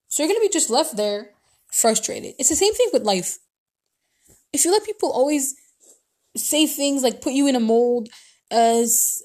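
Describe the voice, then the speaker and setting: A woman's voice: sits high, moderate pace, warm tone. A woman giving casual advice in a rambling way, full of restarts and fillers. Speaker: podcast host.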